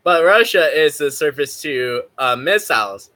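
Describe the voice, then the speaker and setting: A man talks loosely on his livestream, giggling and swearing as he wanders from thought to thought. His voice is very bright and sits high, with a lively, swooping pitch and an unhurried pace. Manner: rambling and giggly, swears freely. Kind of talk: casual stream chat.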